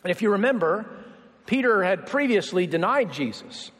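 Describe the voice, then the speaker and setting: A man's voice: sits high, very animated, moderate pace, fairly bright tone, big-room sound. A man preaching a sermon in a conversational way, acting out the lines of Bible characters as he retells the story. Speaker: pastor.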